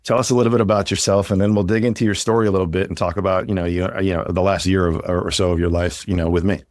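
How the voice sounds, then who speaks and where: A man hosts a podcast with a low, grounded voice and an upbeat, encouraging push. He rambles a little as he talks. The sound is dry and close, with no room around it. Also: steady tone, rapid-fire, a little mellow, no echo. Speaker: podcast host and coach. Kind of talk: casual podcast talk.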